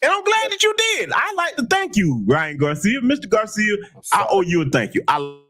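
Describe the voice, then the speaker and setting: Man host, high voice, lively swings, emphatic, taunting commentary. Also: moderate pace, faint music behind. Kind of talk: heated commentary broadcast.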